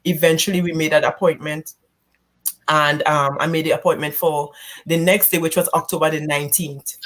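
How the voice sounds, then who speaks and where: Woman telling her story on a church couch, halting, emotional, stops and restarts a lot. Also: low-pitched, steady tone. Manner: halting, emotional, re-enacts quoted speech loudly. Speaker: guest. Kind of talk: candid personal testimony.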